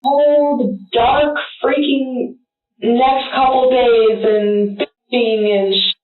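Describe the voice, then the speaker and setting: A woman's fairly high voice, slow and halting, rambling through her account with many fillers and restarts. She is picked up from across an echoey interview room on thin, phone-like audio. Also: steady tone, distant mic. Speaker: witness in a police interrogation. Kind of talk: recorded interrogation testimony.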